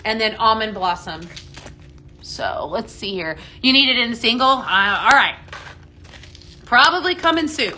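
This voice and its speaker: A woman's voice: mid-range voice, moderate pace, bright, forceful tone, a little hiss or hum. Bubbly, breathless woman on a live stream. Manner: chatty and bubbly, reads viewer comments aloud. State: a bit out of breath. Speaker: home fragrance seller hosting a live stream. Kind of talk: casual live-stream product chat.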